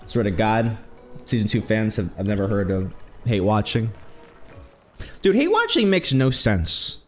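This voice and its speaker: A man chats casually while streaming a game, wandering from story to story. His pitch moves a lot, and he jumps into loud, excited yelps when something catches his eye. Soft game music plays faintly underneath. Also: measured pace. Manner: rambling, animated, exclaims loudly when excited. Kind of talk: casual let's-play chat.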